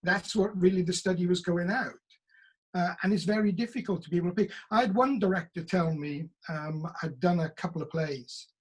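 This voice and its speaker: A middle-aged Welsh man speaking over a video call, his voice fairly high for a man and noticeably husky. He tells his stories with animation and slips into other people's voices when he quotes them. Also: fairly quick. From Wales. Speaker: actor.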